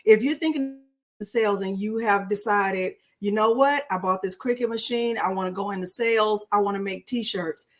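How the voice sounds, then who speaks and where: A middle-aged woman, hosting a casual live-stream crafting tutorial and talking to viewers in a chatty, warm-hearted way. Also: medium pitch, moderate pace. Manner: chatty and emotional, addresses viewers as y'all.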